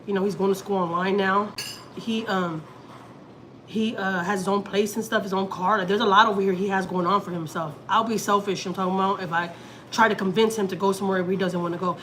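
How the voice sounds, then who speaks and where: In a rough recording with a little background noise, a family vlogger from Houston, Texas talks through personal matters. Her mid-range voice is fairly quick and a bit bright, with fairly even intonation. She rambles emotionally, restarting often and using lots of fillers.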